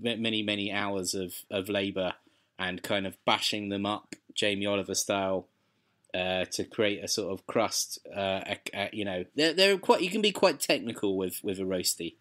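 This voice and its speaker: Low-voiced rambling podcast co-host man. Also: moderate pace, a bit bright. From South London. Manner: rambling, jokey, lots of fillers and restarts. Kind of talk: casual chat.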